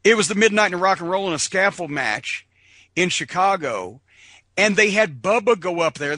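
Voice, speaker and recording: A middle-aged man with a high, bright, forceful voice tells salty road stories as a podcast guest. He jumps into the voices of the people in his tales, close to the mic in a dry studio with no room sound. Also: no echo. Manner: animated, profane, acts out voices in his stories. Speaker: guest, former pro wrestler. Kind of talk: casual storytelling.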